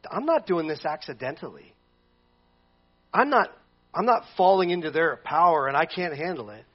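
A man's voice: fairly high pitch, animated, normal speed, breathy edge, dull audio. A man voicing a patient teacher correcting his followers.

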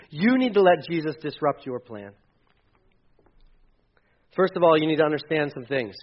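Middle-aged male pastor, high voice, humorous conversational sermon, muffled lo-fi sound. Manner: animated, conversational preaching with humor.

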